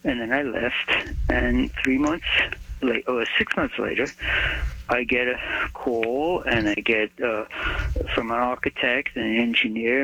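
A man's voice: medium pitch, measured pace, vocal fry, slightly rough. An older American man telling stories in an interview, acting out the people he quotes. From United States. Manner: animated storyteller, acts out the people he quotes. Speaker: guest. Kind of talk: storytelling interview. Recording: dull muffled recording with faint hum.

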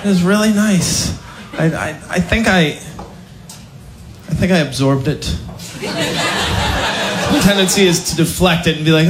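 High-voiced comedian in a roomy club. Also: male voice, sing-song, unhurried, pauses often. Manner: self-deprecating, wry delivery. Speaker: stand-up comedian. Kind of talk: stand-up comedy set. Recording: roomy live club recording with loud noise.

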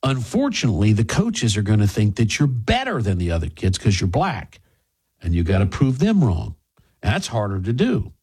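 Middle-aged guy ranting on talk radio, pitch jumping all over, kinda husky, hammering rhetorical questions. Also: huge pitch swings, moderate pace, darkish tone. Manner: combative, fires off rhetorical questions. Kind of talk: opinionated radio monologue.

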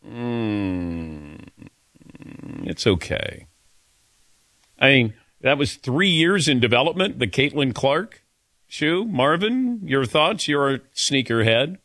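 Animated, bright-voiced male talk host. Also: mid-range voice, slow pace, pauses often, dry recording. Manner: laughing, joking, animated. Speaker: sports talk show host. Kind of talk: casual radio chat.

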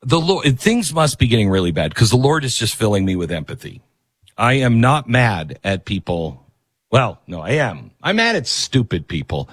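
A man's voice: medium pitch, big pitch swings, moderate pace, a bit bright, breathy edge, no echo. A man hosting a political talk radio show and reading an ad in an emphatic, conversational way, often breaking off to restart his sentences.

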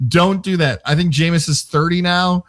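A man's voice: on the high side, fairly even intonation, moderate pace, a bit bright, no room sound, clean studio sound. A middle-aged man who used to be a pro athlete, co-hosting a sports show and talking reflectively. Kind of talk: casual sports talk.

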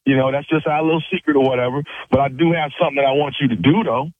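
A man's voice: mid-range voice, steady tone, very fast, dry recording. A man making a prank phone call, pushy and stammering, stifling laughs as he presses the other man. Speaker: prank caller. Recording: tinny dry phone line.

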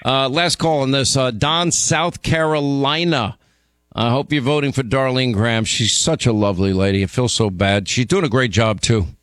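Man, radio talk host, call-in show, quick restarts, dry close studio sound. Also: mid-range voice, fairly bright tone, no room sound. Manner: quick, repeats and restarts words. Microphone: studio mic.

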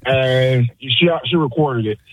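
Laid-back man, middle-pitched, playful. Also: slow pace, rough recording. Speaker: caller and quiz contestant. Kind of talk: casual chat on a sports talk show.

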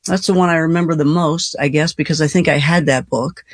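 A woman's voice: sits low, steady tone, brisk, breathy edge, no room sound. A woman hosting a late-night call-in radio show, chatty and folksy, laughing easily between callers. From Colorado. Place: radio studio.

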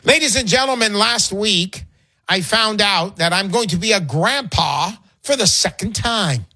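A man's voice: high voice, measured pace, pushed and bright, no room sound, studio quality. An older man hosting a radio call-in show, chatty and emotional, with lots of fillers and restarts.

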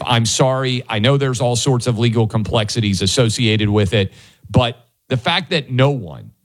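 Middle-aged man, talk radio co-host, mid-pitched voice, indignant conversational commentary. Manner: indignant, building an argument conversationally.

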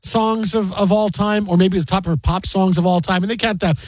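A man's voice: sits high, no echo. A man hosting a talk radio show, joking and bantering with his co-hosts. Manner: animated, joking, quick to laugh.

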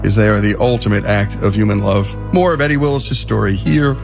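A male radio host narrates a recap in a measured storytelling manner. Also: fairly low pitch, gravelly, over music.

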